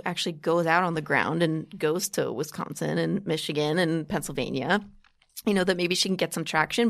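A woman's voice: fairly low pitch, gravelly. A woman from Long Island, New York, with a light Long Island accent, chatting casually and jokingly as a political commentator on a podcast, often restarting her sentences.

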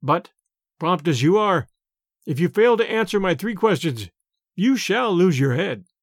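A man's voice: sits high, sing-song, measured pace, dry recording, studio quality, exaggerated voice. A man voicing a proud, angry medieval king in a storybook reading. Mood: commanding. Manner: imperious, loud.

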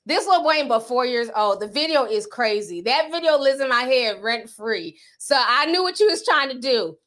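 A woman hosting a livestream podcast, chatting casually and reading super chats in a sassy, animated way. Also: high-pitched, normal speed. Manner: sassy, animated, calls viewers sis and honey.

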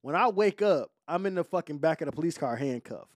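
Animated, high-voiced male podcast host. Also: fairly quick, no echo, studio quality. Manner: animated, profane storytelling with shifting voices. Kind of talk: casual storytelling chat.

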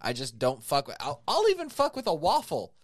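A man in casual chat, teasing and cutting in with quick questions. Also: a little high, huge pitch swings, no room sound, studio quality.

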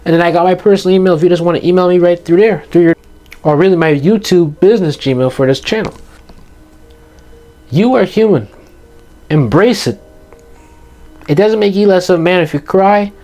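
A teenage boy with a high, slightly mellow voice speaks at normal speed and pauses often, faint music playing behind. He gives viewers emphatic, sincere motivational advice, repeating the points he cares about.

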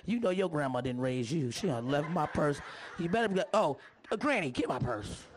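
Hoarse woman comic doing a live set, brash, swears a lot, roasts the crowd. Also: deep voice, animated, fairly quick, slight background noise. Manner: brash, profane, teasing the audience. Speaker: stand-up comedian.

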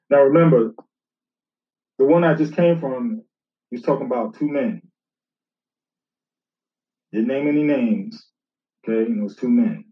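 A man, a minister, casually rebutting critics and reading scripture aloud, repeating himself and talking straight to his opponent. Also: mid-range voice. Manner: conversational, repeats himself, addresses an opponent directly. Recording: roomy, distant, dull lo-fi sound.

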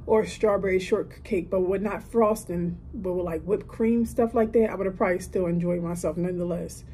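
A woman's voice: lowish voice, fairly even intonation, a little fast, warm tone, slight background noise, low-quality recording. A woman of 30 hosting a solo podcast from a hotel room, talking in a heartfelt, emphatic, motivational way. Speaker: podcast host. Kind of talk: casual solo podcast talk.

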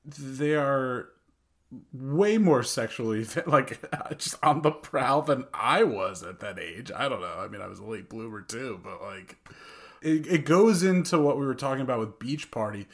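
A man co-hosting a casual film-review podcast, relaxed and a little hesitant, often trailing off softly. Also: medium pitch, unhurried. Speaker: podcast co-host.

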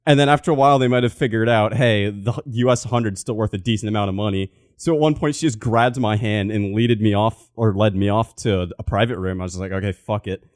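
A man's voice: lowish voice, fast, few pauses, a little mellow, no room sound, clean studio sound. A young man telling a story to friends in a laid-back, profane way. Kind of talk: casual storytelling chat.

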